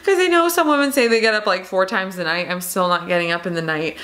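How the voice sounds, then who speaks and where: A woman's voice: medium pitch, fast, fairly bright tone. Young pregnant woman, casual vlog Q&A, emotional, fillers and restarts. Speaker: vlogger.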